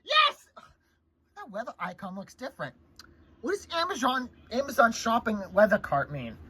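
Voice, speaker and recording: A woman's voice: a little high, wildly swooping pitch, moderate pace, bright, forceful tone, slightly rough, heavily acted. A woman voicing a shrieky, childish comedy character who whines and panics about snacks and gadgets. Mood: frantic whiny. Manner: screeching, whiny, panicky outbursts.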